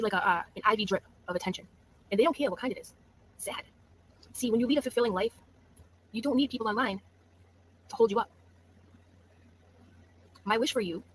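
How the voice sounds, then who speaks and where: A woman talks quickly and scornfully, tossing out profane jabs with a mocking, falsely sympathetic edge. Her commentary has the loose, off-the-cuff feel of a live stream. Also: a little high, slight background noise, poor audio. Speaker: YouTube streamer.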